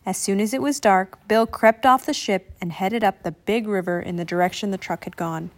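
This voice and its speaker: A woman reading a children's picture book aloud in an expressive, animated way. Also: medium pitch, moderate pace. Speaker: storybook reader.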